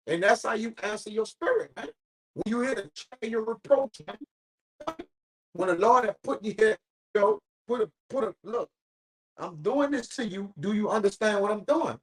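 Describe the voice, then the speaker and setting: A man's voice: sits high, lively intonation, normal speed, poor audio. Emphatic man leading a Bible study. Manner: emphatic, preachy, swears casually. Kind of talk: informal Bible study discussion.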